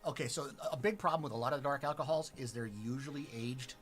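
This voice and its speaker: Blunt, joking male host in casual chat, mid pitch, music in the background. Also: fast, a bit bright.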